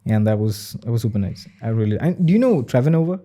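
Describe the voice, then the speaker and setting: Man, Indian accent, mellow tone, young adult, podcast guest, filler-heavy speech. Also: medium pitch, lively intonation, fast. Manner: filler-heavy, lots of "you know". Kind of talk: casual chat.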